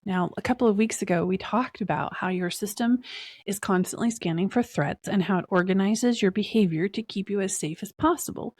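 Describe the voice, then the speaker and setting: A woman hosting her own podcast, talking alone in an earnest, smiling tone with long pauses between phrases. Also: mid-range voice, no room sound, studio quality. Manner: smiling, excited tone. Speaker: podcast host. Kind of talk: solo podcast talk.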